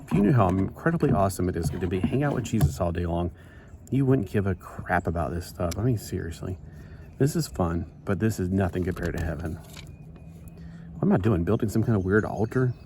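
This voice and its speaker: Deep-voiced guy rambling while building toys, lots of background noise. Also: expressive, fairly quick, warm tone. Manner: rambling, chatty, self-interrupting. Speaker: toy builder vlogger. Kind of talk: casual chat while building.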